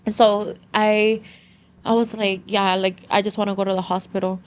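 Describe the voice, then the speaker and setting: Speaking at a moderate pace with a medium pitch and flat delivery, this podcast guest is a young adult woman sharing a story in relaxed chat. She mixes Spanish into her English, fills her speech with "like," and sounds earnest and emotional, almost crying as she recounts it.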